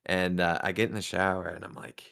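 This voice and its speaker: Guy rambling through a story on a talk show, lowish voice, lots of uh and like, keeps restarting. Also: level tone, gravelly, fairly bright tone. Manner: halting, full of fillers and restarts. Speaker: guest. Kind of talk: casual storytelling.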